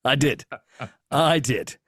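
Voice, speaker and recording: Animated English man telling stories. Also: fairly high pitch, no room sound, clean studio sound. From Britain. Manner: animated storyteller, acts out scenes. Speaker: guest. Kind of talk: casual chat. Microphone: video call.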